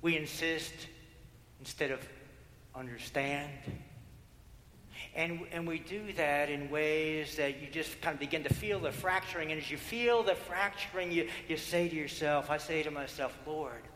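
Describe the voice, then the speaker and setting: A male pastor preaching a sermon, building through repeated phrases and dropping to hushed prayer. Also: a little high, normal speed, a little hiss or hum. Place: church sanctuary. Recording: echoey hall with long reverb.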